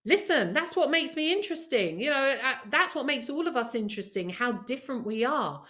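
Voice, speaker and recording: Woman workshop presenter on a video call, upbeat, encouraging, fairly high voice, talks directly to attendees. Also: expressive, fairly quick, pushed and bright. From of Caribbean heritage. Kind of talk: live online training session.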